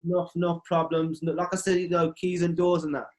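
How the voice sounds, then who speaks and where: A man's voice: fairly high pitch, flat delivery, fairly quick. A young man chatting casually, telling stories animatedly and full of slang, as a member of a music collective. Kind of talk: casual conversation.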